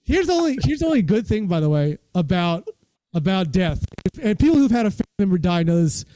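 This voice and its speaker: A man's voice: high-pitched, sing-song, fast talker, dark tone, no room sound, rough recording. A man who is a stand-up comedian, telling rambling, self-deprecating stories in a casual chat over a video call.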